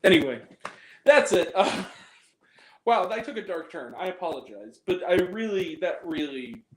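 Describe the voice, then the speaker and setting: A man's voice: sits high, big pitch swings, moderate pace, slight background noise. A man hosting a movie review vlog, venting in a heated, profane rant and often repeating himself. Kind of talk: angry ranting vlog monologue. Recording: roomy echo.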